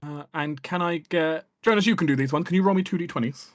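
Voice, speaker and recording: A man narrating a tabletop game as game master, with measured descriptive narration. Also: fairly high pitch, dry recording.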